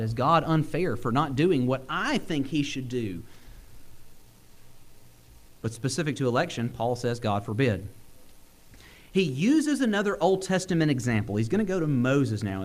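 Animated preacher man. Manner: animated, swings pitch and pace, chuckles often. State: sick, using cough drops. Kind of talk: sermon.

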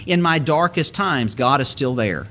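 A man's voice: mid-range voice, animated, a little slow, bright, forceful tone, slight background noise. A middle-aged man preaching a sermon, explaining scripture earnestly and lifting his voice when he quotes it.

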